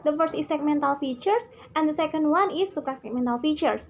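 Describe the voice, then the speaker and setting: Young indonesian woman, high voice, going slow through her slides, bit of hiss behind. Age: young adult. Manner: slow and careful, with repeated list phrases. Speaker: student presenter. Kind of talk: explaining slides in a class presentation.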